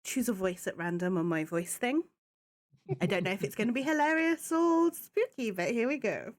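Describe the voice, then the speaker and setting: A woman's voice: on the high side, expressive, moderate pace. Chatty woman game master. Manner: chatty, loose, often laughing, filler-heavy. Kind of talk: narrating a tabletop game.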